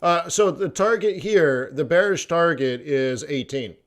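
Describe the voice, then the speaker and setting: A man's voice: a little high, a little slow. A man hosting a trading livestream in casual chat, rambling between topics, laughing often and acting out quoted voices. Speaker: forex trading livestream host.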